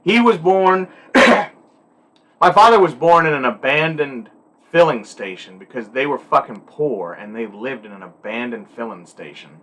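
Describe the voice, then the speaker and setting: A hunting guide talking candidly to the camera in a blunt, rambling, profane way. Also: male voice, mid-range voice, expressive, measured pace, fairly bright tone. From Alaska.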